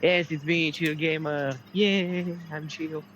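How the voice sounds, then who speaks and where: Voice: mid-range voice, slow, background noise. A playful friend on voice chat, joking about doing accents while gaming.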